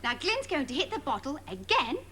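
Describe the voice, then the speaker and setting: Kids' TV presenter, high sing-song voice, condescending, barbed, noisy old TV audio. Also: female voice, very animated, fairly quick. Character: sugary sarcastic woman kids' TV presenter. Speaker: children's TV presenter in a sketch.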